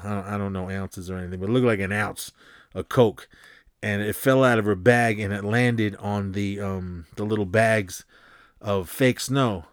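A man recapping a film in a loose, chatty way, full of fillers and restarts, who jumps into higher, faster voices when quoting characters. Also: smooth, no room sound, studio quality. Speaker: podcast host recapping a film. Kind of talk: casual rambling recap.

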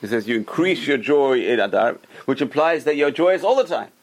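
Gravelly rabbi teaching with emphatic repetition. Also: male voice, medium pitch, animated, normal speed, rough recording. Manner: emphatic, repeats key words. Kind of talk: teaching a Torah class.

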